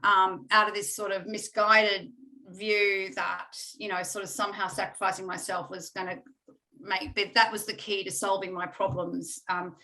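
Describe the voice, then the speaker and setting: A middle-aged woman, a coaching client, speaking candidly and reflectively in conversation, halting often with fillers. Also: mid-range voice, level tone, bright, forceful tone, poor audio.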